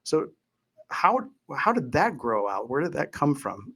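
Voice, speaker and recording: A man's voice: on the high side, big pitch swings, a little slow, a bit bright, slightly rough. A man hosting a podcast interview, easygoing and chatty with frequent fillers. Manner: easygoing, chatty, heavy on "you know" fillers. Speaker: podcast host. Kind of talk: casual interview chat.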